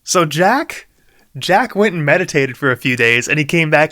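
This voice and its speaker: A man's voice: a little high, animated, moderate pace, sharp tone, dry recording, clean studio sound. A young man reading his own old story aloud, with amused, self-mocking commentary. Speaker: author reacting to his own old book.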